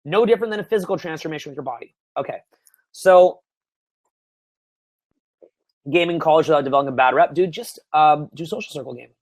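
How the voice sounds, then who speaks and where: A young Canadian man coaching on dating in a profane, excitable way, swinging from mumbled asides to loud bursts. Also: fairly high pitch, a little fast, long pauses, no room sound. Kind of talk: webinar Q&A.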